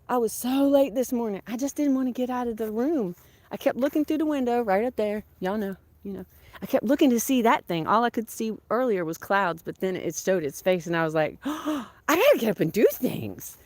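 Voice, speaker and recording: A woman's voice: on the high side, no echo. A woman chatting casually to her live viewers while doing chores outdoors on a small farm. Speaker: farm vlogger. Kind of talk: casual live-stream chat.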